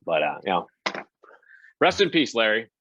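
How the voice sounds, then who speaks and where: A man, a game show host and producer, chatting as a podcast guest and telling animated anecdotes. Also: moderate pace. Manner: animated anecdote-telling, acts out quotes with big pitch jumps. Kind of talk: casual podcast storytelling. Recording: dull, slightly lo-fi dry podcast audio.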